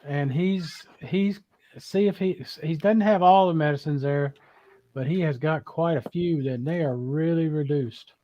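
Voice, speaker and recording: A man's voice: fairly high pitch, measured pace, lo-fi sound. A man joining a casual chat over a video call, helpful and joking. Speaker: guest.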